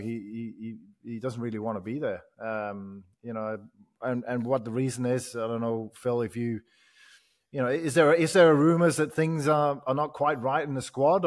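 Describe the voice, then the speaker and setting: Hesitant man talking football. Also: mid-range voice. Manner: hesitant, many "you know" fillers and restarts. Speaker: podcast guest, football pundit. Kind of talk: casual football podcast chat.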